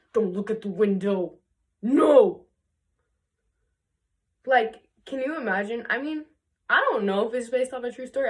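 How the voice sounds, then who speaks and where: Speaking in a mid-range voice, a young video creator gives a chatty, filler-filled retelling of a fairy tale and slips into quick voices for each character.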